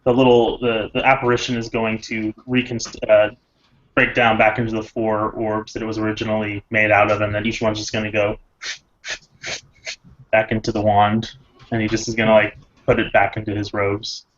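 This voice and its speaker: A man playing a tabletop game, describing his character's actions in a rambling, halting way. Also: fairly low pitch, monotone, a bit bright. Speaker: player. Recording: dull lo-fi audio.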